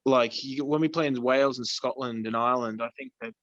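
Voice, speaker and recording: A man's voice: mid-range voice, fairly even intonation, a little fast, fairly bright tone, no echo, muffled recording. An Australian man chatting casually in an interview over a video call, laid-back and rambling, swearing freely. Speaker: musician guest.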